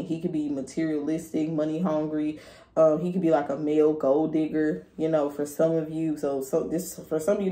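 A woman's voice: low voice, warm tone. A woman giving a casual tarot reading in a candid, profane way, hyping up her listener. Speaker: tarot reader. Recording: echoey room with faint noise.

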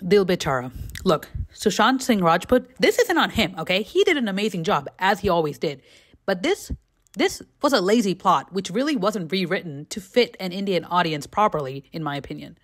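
A young woman who vlogs, running through quick, candid movie reviews in a casual, chatty way, full of "like" and "you know" and bursts of giggling. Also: on the low side, sing-song. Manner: bursts of giggling between opinions. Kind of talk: casual rapid-fire movie review chat.

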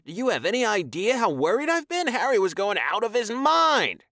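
A small, worried friend fires off indignant questions in a high, animated voice, as a male audiobook narrator puts him on. The read is close and dry. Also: normal speed, no echo. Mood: upset. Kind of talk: audiobook character voice.

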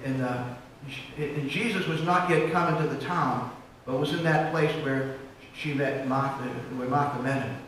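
A male pastor preaching with impassioned swings between loud and hushed, with frequent restarts, recorded from a distance in an echoey church. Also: a little high, a little hiss or hum. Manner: frequent restarts and repeated words. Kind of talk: sermon. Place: church sanctuary.

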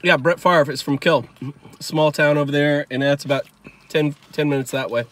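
A man chatting casually over a meal, rambling in a relaxed way with lots of fillers. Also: on the high side, normal speed. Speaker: local guide and co-host.

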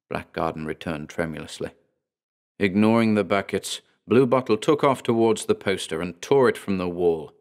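A man reading a horror story aloud in a measured, deliberate storytelling manner. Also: sits low. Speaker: narrator and author. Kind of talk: scripted horror narration.

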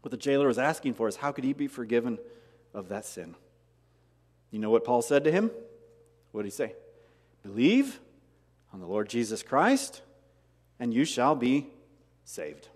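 Animated male preacher in a reverberant church. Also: medium pitch. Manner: animated preaching with rhetorical questions and emphatic repetition. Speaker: pastor. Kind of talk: sermon. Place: church sanctuary.

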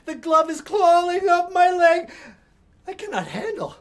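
An older man with a Hawaiian Pidgin accent telling a spooky children's story in a theatrical way, dropping to hushed tones and then building up excitement. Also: very high voice, unhurried.

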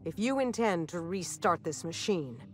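A woman's voice: lowish voice, expressive, moderate pace, faint music behind, natural voice. An actress playing a bitter, unyielding woman villain in a video game, speaking in a cold, clipped, contemptuous way. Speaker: game character.

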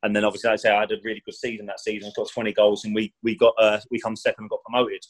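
Ex-footballer guy on a podcast, talks quick and loose, keeps saying "know what i mean". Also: fairly low pitch, little pitch movement, poor audio. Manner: rambling, chatty, fond of "do you know what I mean"; acts out quoted speech with raised voice. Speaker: former professional footballer, podcast guest. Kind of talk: casual storytelling interview.

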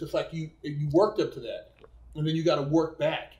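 A man's voice: a little high, little pitch movement, normal speed, warm tone, muffled recording. A man hosting a casual interview, talking in easygoing street slang and often repeating words as he starts a question. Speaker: interview host. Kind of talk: conversational interview. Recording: echoey room.

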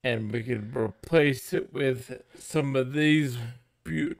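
Give me a male streamer chatting giddily to his chat, laughing a lot, with a slow drawl. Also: mid-range voice, gravelly, no room sound, studio quality. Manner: giggly, rambling, giddy. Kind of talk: casual live-stream chat.

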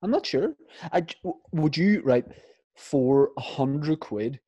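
A young man, co-host of a podcast, telling a childhood story in a casual chat with dry, deadpan asides. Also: a little high, takes it slowly, slightly rough, dry recording, lo-fi sound.

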